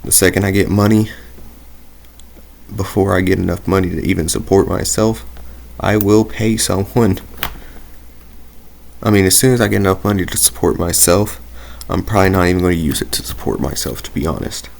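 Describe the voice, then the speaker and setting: A man's voice: deep voice, fairly even intonation, normal speed, gravelly, pauses often, a little mellow. A young man giving casual gameplay commentary, rambling into tangents and talking himself through his choices. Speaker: gaming video creator.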